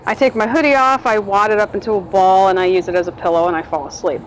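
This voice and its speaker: A woman's voice: mid-range voice, steady tone, fast, slight background noise, poor audio. A woman, telling her own story in a casual, rambling vlog monologue and acting out the voices of people she quotes.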